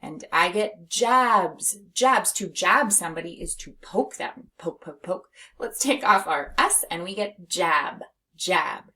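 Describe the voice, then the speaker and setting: A woman reading teacher leading a phonics lesson for young children, slowly and clearly sounding out letters and words. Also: fairly low pitch, lively intonation, sharp tone. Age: adult.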